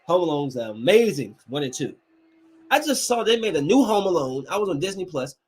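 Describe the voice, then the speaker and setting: A man's voice: a little high, big pitch swings, fairly quick, husky. A man hosting a casual solo podcast, rambling and laughing as he talks to viewers. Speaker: podcast host.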